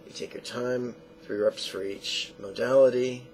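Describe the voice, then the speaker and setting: A man with a gravelly voice gives a meditation lesson at a calm, measured pace, coming back again and again to short repeated phrases. Faint noise hangs behind him. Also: mid-range voice, low-quality recording. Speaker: meditation teacher.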